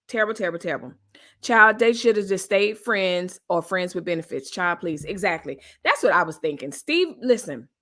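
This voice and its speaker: A woman's voice: mid-range voice, a bit bright. A woman hosting a casual live news commentary stream, chatting colloquially with her viewers and reading their comments.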